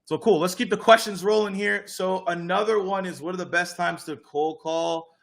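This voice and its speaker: A young man, hosting a casual live Q&A and coaching viewers on sales calls in an energetic, direct way. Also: high-pitched, moderate pace, creaky.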